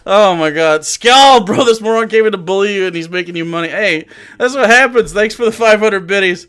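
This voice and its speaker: A man's voice: high voice, fairly quick, a bit bright, smooth. A man streaming live, taunting a chatter with profanity and frequent laughter.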